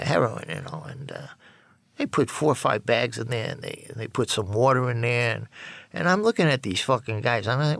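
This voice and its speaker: A man with a gravelly, creaky voice tells his story bluntly and profanely. He jumps into the voices of the people he quotes, and the sound is dry and close. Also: medium pitch, fairly bright tone, no echo. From New York. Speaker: storyteller recounting his past. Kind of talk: candid spoken memoir.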